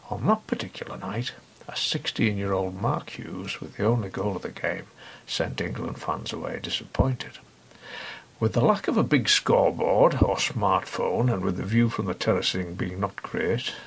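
Give me a dry, mock-pompous middle-aged man narrating, with a gravelly, very husky voice. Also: sits low. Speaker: podcast host. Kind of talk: scripted satirical narration.

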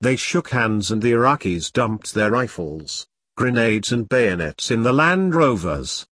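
A man narrates an audiobook at a middle pitch, calm and measured throughout. The dry, close recording captures no room sound.

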